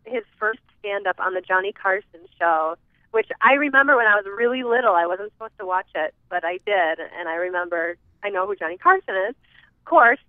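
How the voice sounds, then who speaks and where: A woman's voice: mid-range voice, lively intonation, brisk, no room sound. A woman from the American Midwest, a guest chatting casually in an interview, talking in a giggly, chatty way with trailing fillers. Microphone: phone. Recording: tinny phone line.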